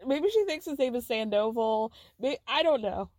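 A woman hosting a podcast, recapping reality TV in a chatty, giggly, animated way. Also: fairly high pitch, moderate pace, no echo. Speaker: podcast host.

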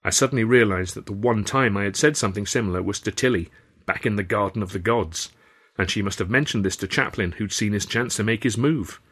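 A man's voice: on the low side, a little fast, fairly bright tone, slightly rough. A man narrating his own novel in the first person, with a dry, wry delivery. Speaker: author-narrator.

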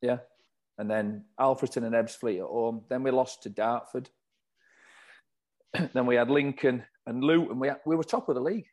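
A man's voice: medium pitch, fairly even intonation, moderate pace, long pauses, darkish tone. A man, a former footballer, chatting as an interview guest, running through details from his notes and laughing often. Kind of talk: casual interview chat.

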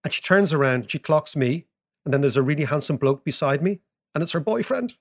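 A man, co-hosting a podcast, telling stories and explaining economics in an animated way, laughing as he goes. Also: fairly high pitch, brisk. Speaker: podcast co-host. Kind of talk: casual storytelling and economics chat.

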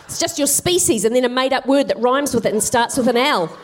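A weary little red hen in a stage comedy tale, voiced by a woman storyteller. She sounds sarcastic and worn out, and her voice sits a touch high. She is done asking others for help. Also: lively intonation, a little fast, slight background noise. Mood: exasperated. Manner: fed-up, sarcastic.

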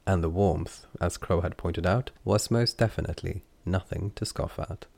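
Deep gravelly man narrating a fantasy audiobook. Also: normal speed, darkish tone, dry recording.

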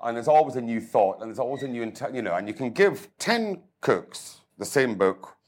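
A man's voice: medium pitch, lively intonation, fairly quick. An older man, a chef talking with enthusiasm and self-mocking humour in an interview. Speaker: chef and cookery writer. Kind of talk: conversational interview.

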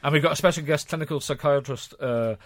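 A man's voice: fairly high pitch, quick pace, no echo. A man hosting a comedy podcast, teasing his guests in playful, casual banter. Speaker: podcast host.

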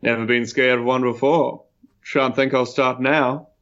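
A man's voice: mid-range voice, steady tone, measured pace, a bit bright, lo-fi sound, natural voice. Jeffrey, a man doing a pompous swashbuckling bird. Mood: swaggering. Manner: boastful, nonchalant, theatrical.

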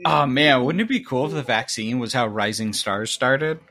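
A man's voice: medium pitch, moderate pace, sharp tone. A man rambling in an amused way in casual podcast chat. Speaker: podcast co-host.

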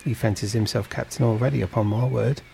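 Sly jealous supercargo, voiced by a narrator, sneaky hinting way of talking. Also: male voice, medium pitch, steady tone, fast talker, creaky, mellow, a little hiss or hum, lightly acted. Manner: insinuating, scheming. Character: male ship's supercargo, sly and envious.

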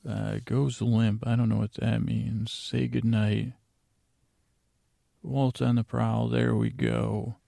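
Droning gravelly man, dry close voice. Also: mid-range voice, level tone, slow, dark tone, no room sound. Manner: droning, meandering, drowsy delivery. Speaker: podcast host. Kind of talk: rambling bedtime podcast recap.

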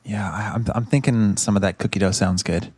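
A man's voice: fairly low pitch, steady tone, fairly quick, darkish tone, husky, no room sound. A man playing a tabletop game who jokes around and laughs easily. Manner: jokey, laughs easily, playful. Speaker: player. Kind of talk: casual tabletop play.

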